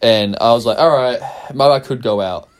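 A young man with a New Zealand accent telling a story in casual chat, animated, swearing freely and laughing often. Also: medium pitch, normal speed.

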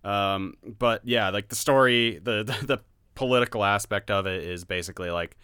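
Deep, bright-voiced blunt game reviewer man. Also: moderate pace, smooth, dry recording, clean studio sound. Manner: laughing, blunt, swears freely. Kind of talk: casual podcast chat.

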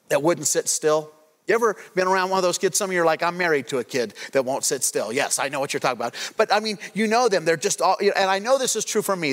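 A man's voice: sits high, fairly bright tone. A man preaching a sermon as pastor. He talks in a conversational, playful way and acts out prayers as asides. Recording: long hall reverb.

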